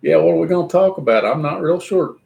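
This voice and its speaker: A middle-aged man with a Kentucky accent and a hoarse voice, hosting a live stream, chatting and joking as he reads viewer comments. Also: fairly high pitch, animated, quick pace, a little mellow. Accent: Southern US, Kentucky. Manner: chatty, joking, laughs often. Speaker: livestream host. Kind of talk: casual live chat reading viewer comments.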